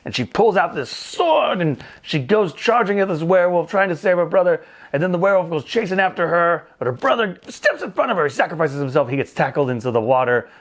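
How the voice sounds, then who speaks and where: A man with a fairly high, very lively voice, recapping a film in a casual, joking way. He swings up and down in pitch as he tells the story and cracks jokes. He talks like a movie-review host chatting with his viewers. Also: a little fast, few pauses, over music. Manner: animated, joking, acts out movie lines in funny voices.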